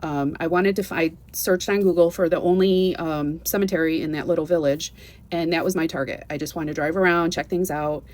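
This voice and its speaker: Vlogger from the US: a woman with a lowish voice who talks through her own story earnestly and eagerly, often restarting her sentences. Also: fairly quick. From United States. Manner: earnest and animated, with many restarts and "you know"s. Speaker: vlogger telling a travel story. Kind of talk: casual personal storytelling.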